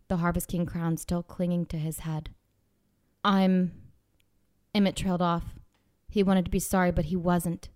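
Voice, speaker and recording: Woman narrator with a lowish voice, measured dramatic storytelling, dry close mic with faint music underneath. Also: no room sound. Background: faint background music.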